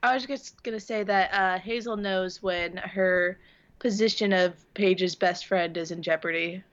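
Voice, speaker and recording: A woman's voice: mid-range voice, fairly even intonation, unhurried. A woman guest on a podcast, making wry casual asides. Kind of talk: casual chat. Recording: dull lo-fi mic.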